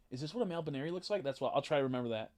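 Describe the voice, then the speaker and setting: Chatty swearing male game streamer. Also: medium pitch. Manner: chatty and rambling, swears often, quick excited reactions. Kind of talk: casual live-stream commentary while playing.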